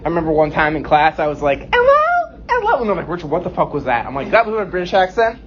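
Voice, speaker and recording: A man in his late twenties doing a self-deprecating stand-up set with deadpan punchlines on a comedy club stage. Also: fairly high pitch, very fast, a crowd in the background. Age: 20s. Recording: dull lo-fi recording.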